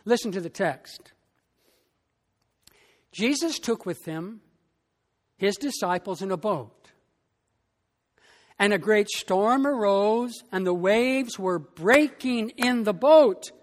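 A pastor preaching a sermon in a slow, emphatic way, with long pauses between phrases. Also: mid-range voice, animated, long reverb tail.

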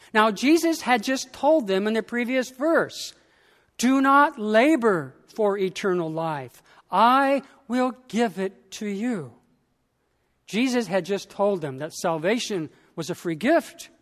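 Slow, high-voiced preaching pastor. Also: male voice, animated, a bit bright, in a large hall. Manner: slow, emphatic preaching with dramatic pauses. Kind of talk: sermon.

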